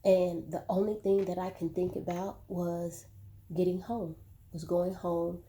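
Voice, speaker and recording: Woman, slow and measured, speaking to viewers in a dark, flat voice. Personal testimony. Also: on the low side. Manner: slow, measured storytelling with repeated words.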